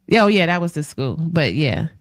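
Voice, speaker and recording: A woman hosting a casual radio talk show, chatty and lively, acting out quotes as she tells stories. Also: low voice, moderate pace, no echo, studio quality. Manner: chatty, animated storyteller, acts out quotes. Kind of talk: casual chat interview.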